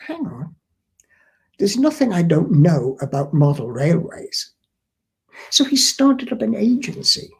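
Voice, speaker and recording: A man's voice: sits high, gravelly, husky. An older man giving down-to-earth business advice in a chatty instructional talk, often repeating his words. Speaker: import-export trade advisor.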